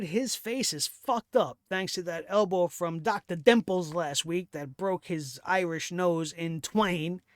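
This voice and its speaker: A wrestling show reviewer with a medium-pitched voice delivers a heated, sarcastic, profane rant about the latest episode. The recording is studio quality with no echo.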